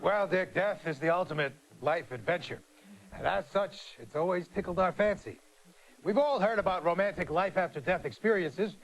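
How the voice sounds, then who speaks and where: An actor playing a deadpan male doctor who calls himself an expert on death, talking in jargon and corny jokes in a satirical talk show comedy. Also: high-pitched, normal speed, a little hiss or hum. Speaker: guest expert.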